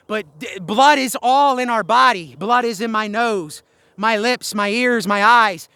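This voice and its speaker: A man with a high, bright and very clear voice delivers an impassioned spiritual monologue while walking uphill outdoors. He sounds tired and short of breath, and he repeats his phrases in a preacherly rhythm. The recording is dry and close. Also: dry recording. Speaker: Christian video blogger.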